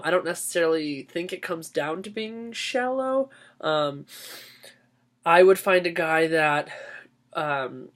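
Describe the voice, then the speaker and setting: A man's voice: fairly high pitch, a bit bright. A young adult man in drag persona giving frank, chatty advice on a vlog. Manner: candid, chatty, sassy.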